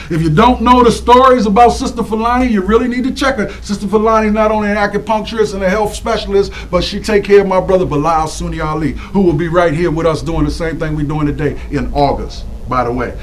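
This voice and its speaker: A man calls out names in animated, preacherly shout-outs. He stretches each name and keeps throwing questions back to the crowd. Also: high-pitched, rough recording. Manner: preacherly call-and-response, animated, drawn-out names. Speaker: speaker honoring community women. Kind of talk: lively shout-outs to audience.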